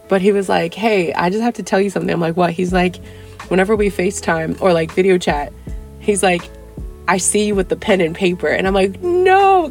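A young adult woman hosting a casual dating-advice podcast, chatty and playful, acting out little dialogues with big jumps in pitch. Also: vocal fry. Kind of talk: casual solo podcast talk.

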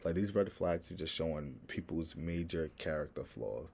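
A man's voice: low voice, dark tone, a little hiss or hum. A young man from Harlem with a New York accent, talking brashly and profanely to his viewers in a rambling, casual monologue full of "like". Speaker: vlogger.

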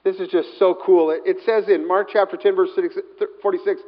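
A man preaching a sermon as pastor, animated and swinging from loud to hushed. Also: sits high, brisk. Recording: dull sound, long hall reverb.

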